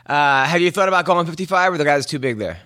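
Brash man with a bright, higher voice. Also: lively intonation, fast. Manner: joking, brash and crude. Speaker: interviewer. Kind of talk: casual interview chat.

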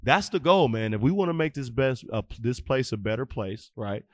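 A man in his thirties, a youth football coach, tells stories animatedly as a podcast guest, acting out the dialogue in a casual interview. His mid-range voice has lively intonation and a moderate pace, recorded in studio quality with no echo.

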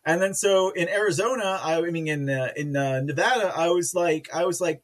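A man's voice: on the high side, normal speed, few pauses. A man from Texas hosting a livestream, chatting casually with viewers and reading their comments, giggly and rambling. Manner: giggly, rambling, self-mocking. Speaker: livestream host reading chat.

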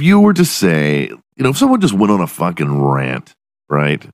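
A man's voice: deep voice, huge pitch swings, moderate pace, no room sound, clean studio sound. A man hosting a podcast alone in his room, delivering a profane, self-mocking comedic rant. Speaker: podcast host.

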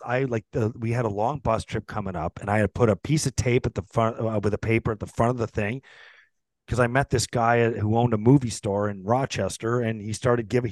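A middle-aged man, a former hockey player hosting a podcast, telling a profane, animated story and acting out the quotes. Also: mid-range voice, dry recording. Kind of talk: casual storytelling chat.

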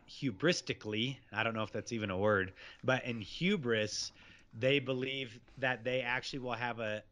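A man's voice: medium pitch, sharp tone. A man speaking as a guest, giving fervent, preachy religious commentary that is packed with scripture. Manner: fervent, preachy, rapid scripture-laden rants.

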